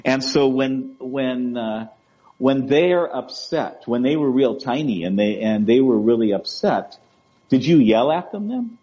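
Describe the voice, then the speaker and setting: A man talks gently as an interview guest, in a warm, relaxed voice. He often stumbles over and repeats his words, and he keeps checking in with his listener. The audio sounds dull and lo-fi. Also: medium pitch, unhurried. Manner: gentle, repeats and restarts words, often asks "right?" and "you know?". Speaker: guest speaker on emotional wellbeing. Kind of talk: conversational interview.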